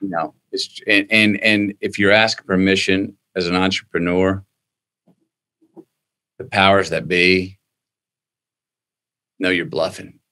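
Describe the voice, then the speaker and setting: A man speaking as a guest in an interview, animated and emphatic, acting out the voices of people he quotes. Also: low voice, slow, pauses often. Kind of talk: conversational interview.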